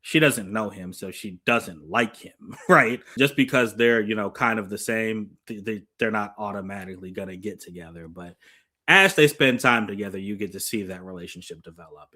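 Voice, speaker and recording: A man with a fairly low voice gives a casual film review on his own channel. He is chatty and eager, and he peppers his thoughts with fillers like "like" and "you know". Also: normal speed, pushed and bright. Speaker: movie reviewer.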